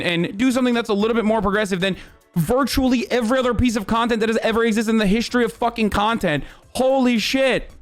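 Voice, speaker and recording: A young man streaming, ranting heatedly and profanely at his chat, with bursts of shouting. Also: high voice. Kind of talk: heated livestream rant.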